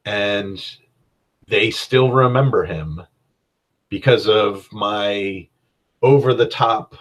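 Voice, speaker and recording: A man hosts a casual solo podcast about running games. His voice sits fairly low and relaxed. He rambles and fills his talk with "um" and "you know," and he pokes fun at himself as he goes. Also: breathy edge, rough recording. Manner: rambling and self-deprecating, with many fillers. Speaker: podcast host and game master.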